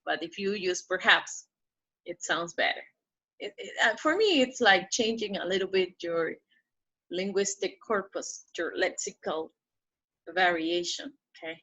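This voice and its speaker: A woman teaching pronunciation in a slow, careful pace, her voice bright and clear. She stretches out each model word and keeps checking in with her listeners. The recording sounds a little dull and lo-fi. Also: fairly low pitch. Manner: drawn-out model words, checks in with "okay?".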